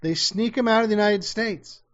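A man's voice: high-pitched, moderate pace. A man hosting a casual chat, telling a story with sarcasm and casual swearing. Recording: slightly dull lo-fi sound.

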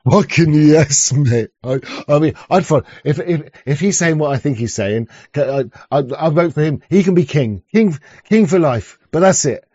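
A man's voice: on the high side, lively intonation, moderate pace, dark tone, husky, no room sound, highs cut off. A man streaming, commenting sarcastically on clips with crude jokes and lots of stammered restarts. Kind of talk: casual mocking commentary.

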